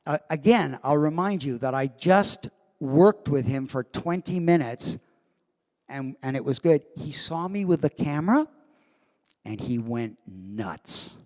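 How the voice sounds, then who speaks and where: Man, convention guest storyteller, acts out quotes, fairly high voice, long hall echo. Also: unhurried. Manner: animated storyteller who acts out quoted lines. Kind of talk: anecdote told to a live audience. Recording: long reverb of a large hall.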